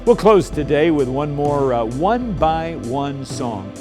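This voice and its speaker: A man giving a video sermon as a preacher, animated and acting out quoted lines, shifting between loud and soft. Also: a little high, takes it slowly, over music. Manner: animated, acts out quoted lines with big swings of loudness.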